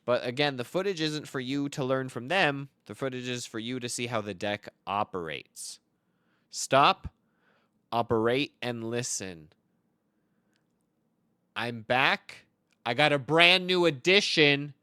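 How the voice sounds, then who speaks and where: Bright, crisp-voiced man joking over a card game. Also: mid-range voice, normal speed, no echo, clean studio sound. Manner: deadpan absurd tall tales. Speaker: card game content creator. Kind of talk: joking commentary over gameplay.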